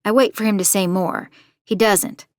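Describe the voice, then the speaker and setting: An actress playing a determined young woman true-crime podcaster, narrating her story in the first person in a measured, confiding way. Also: mid-range voice, steady tone, no echo, studio quality, close to an everyday voice.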